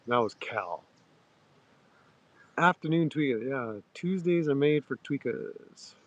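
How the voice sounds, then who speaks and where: A man hosting a livestream, chatting loosely to viewers with crude slang, halting restarts and frequent throat-clearing. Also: fairly high pitch, lively intonation, no echo. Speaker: livestream host. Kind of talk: rambling casual chat to viewers.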